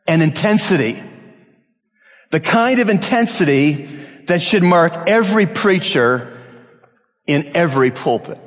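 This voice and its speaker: Pastor guy preaching hard, kinda high voice, big echoey hall, lots of repeated lines. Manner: emphatic, rhythmic repetition, rising to intensity then dropping low. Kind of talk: sermon.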